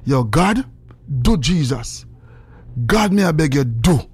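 A man with a Jamaican accent hosting a call-in radio show, swinging between loud preachy shouting and low mumbled asides. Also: big pitch swings, slow pace, slightly rough, soft background music. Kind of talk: animated call-in radio rant.

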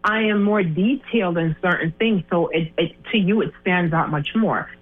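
A woman's voice: on the low side, moderate pace. A woman co-hosting a casual couple's chat, explaining herself in detail and sounding mildly exasperated. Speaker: podcast co-host. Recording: tinny phone-like line.

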